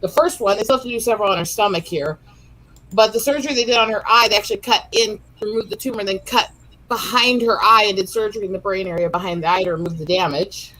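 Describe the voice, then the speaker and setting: A woman co-hosting a relaxed stream, telling long casual stories about her pets in a chatty, rambling way. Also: mid-range voice, fast, low-quality recording. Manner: chatty, rambling anecdotes with restarts. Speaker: co-host of a chill stream. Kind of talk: casual chat.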